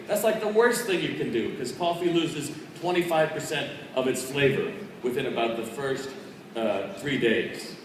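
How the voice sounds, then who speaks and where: Energetic man speaking in a big echoey hall. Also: mid-range voice, moderate pace, slight background noise. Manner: energetic, punchy, conversational delivery. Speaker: keynote speaker. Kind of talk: motivational storytelling speech. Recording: distant echoey hall recording.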